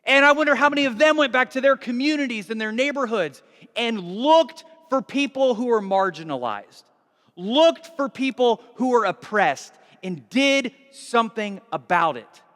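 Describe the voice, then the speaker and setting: A man preaching in a large church, his high, bright voice ringing with a long reverb. He is highly animated, swinging his pitch widely and acting out little dialogues, dropping to a hush one moment and shouting the next. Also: moderate pace. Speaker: pastor. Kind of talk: sermon.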